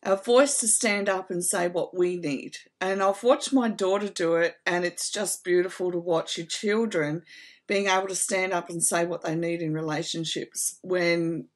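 A woman's voice: on the low side, steady tone, normal speed. A middle-aged woman hosting a casual advice talk, speaking earnestly and from the heart, often checking in with her listeners. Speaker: host.

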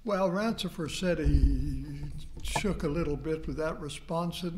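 An older man, a history professor, telling a story in a lecture, slow and deliberate, acting out quoted dialogue. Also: on the high side, warm tone, a little hiss or hum.

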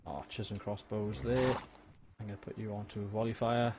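A man's voice: lowish voice, level tone, normal speed. A young man from Wales streaming a strategy game, chatting casually, swearing and joking with his viewers. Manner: chatty, swears, talks to chat and jokes. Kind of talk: casual gaming livestream commentary. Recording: faint background noise.

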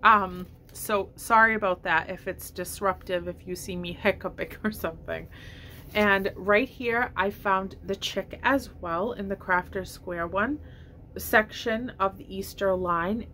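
A woman's voice: mid-range voice, pushed and bright, slight background noise. A woman chatting casually about her shopping haul at home, upbeat and rambling, with hiccups. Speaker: vlogger showing a shopping haul. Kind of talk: casual haul chat to camera. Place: at home indoors.

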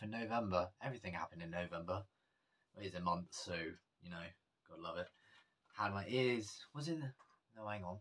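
A man's voice: sits low, fairly bright tone. A man casually vlogging about his jewellery, rambling with many fillers and self-corrections.

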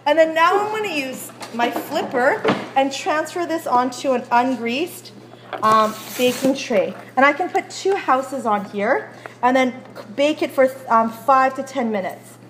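High-voiced chatty woman teacher. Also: expressive, measured pace, noisy background. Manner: chatty, checks understanding often. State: out of breath while rolling dough. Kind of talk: classroom baking demonstration. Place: school classroom kitchen.

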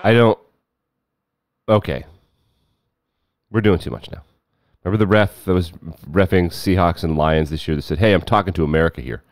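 A man hosting casual sports commentary, sarcastic, jumping between loud bursts and low muttering. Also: normal speed, long pauses, dry recording, clean studio sound.

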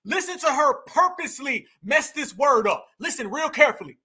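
A man's voice: very high voice, sing-song, moderate pace, pushed and bright. A man doing heated reaction commentary, mocking the clip he plays and repeating his phrases for emphasis. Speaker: online political commentator.

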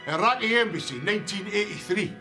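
A touchy ex-soldier in a dress. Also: male voice, high voice, expressive, fast talker, pushed and bright, soft background music. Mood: defensive. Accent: Scottish. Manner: touchy and dramatic. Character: touchy eccentric middle-aged male ex-soldier in a dress. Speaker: comedy character, a veteran in a dress. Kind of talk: sitcom acting.

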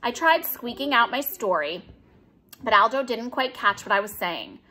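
A woman narrating a children's storybook aloud with an expressive, animated reading. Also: on the high side, moderate pace. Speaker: audiobook reader.

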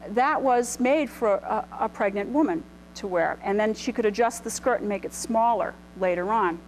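A middle-aged woman with a medium-pitched voice gives an informal illustrated lecture on clothing history to a live audience in a lecture room, speaking at a moderate pace. She's chatty and casual, with lots of ums and restarts. The recording is rough, with slight background noise.

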